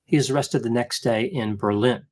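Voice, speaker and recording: A man giving scripted documentary narration in a steady, even delivery. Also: medium pitch, normal speed, background noise.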